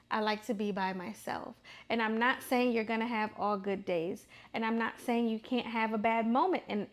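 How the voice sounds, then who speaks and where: A woman in her thirties hosts her own vlog in a loose, opinionated monologue. Her voice sits a little high, and she talks in an emphatic, chatty way, circling back over phrases to drive them home. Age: 30s. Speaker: vlog host.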